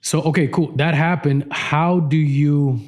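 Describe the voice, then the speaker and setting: Podcast host thinking out loud. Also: male voice, fairly high pitch, fairly even intonation, unhurried. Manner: thinks out loud, with many restarts and repeated words. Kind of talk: casual interview chat.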